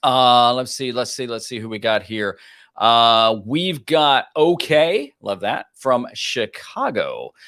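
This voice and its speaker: Male live stream host, casual and upbeat, lively pitch, talking from a home studio. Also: takes it slowly. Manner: upbeat, chatty, reads out viewer comments. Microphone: home office studio mic.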